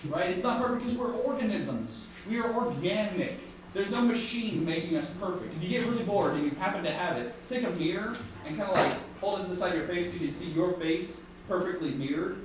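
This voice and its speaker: A man teaching an art class to students, joking and animated, who keeps checking in with "right?". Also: sits high. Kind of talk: classroom lecture. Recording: echoey room from far off with faint noise.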